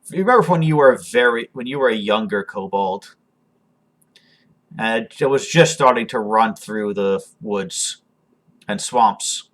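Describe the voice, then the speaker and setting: A man narrating as game master of a tabletop game, halting with frequent ums and restarts. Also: on the low side, expressive.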